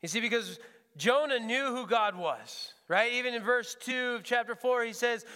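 A man's voice: very high voice, moderate pace, pushed and bright, clean tone, big-room sound. A man preaching as a pastor, earnest and often repeating words as he searches for the phrasing. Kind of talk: sermon. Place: church sanctuary.

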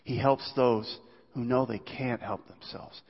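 A man preaching a sermon as pastor, earnest and pleading, often dropping to a hushed low voice. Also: fairly even intonation, a little slow, breathy edge. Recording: dull sound in a reverberant hall.

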